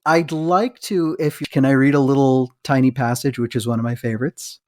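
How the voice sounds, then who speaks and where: A man co-hosting a podcast, talking eagerly and wandering off into asides. His voice sits at an ordinary middle pitch. The sound is close and dry, with no room echo. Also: steady tone, normal speed, a little mellow. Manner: enthusiastic, rambling with restarts and asides. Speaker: podcast co-host, physician. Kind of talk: casual chat with a read-aloud book passage.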